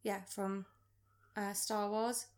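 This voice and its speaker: A woman co-hosting a film podcast, giving blunt, sarcastic, animated opinions in casual chat. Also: medium pitch, takes it slowly. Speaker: podcast co-host.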